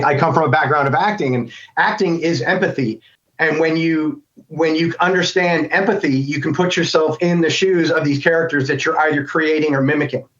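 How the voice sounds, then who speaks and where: A middle-aged American man talking as an interview guest, thinking aloud and rambling with many restarts. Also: fairly high pitch. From United States. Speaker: guest voice actor. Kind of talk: casual interview chat. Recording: dull lo-fi sound.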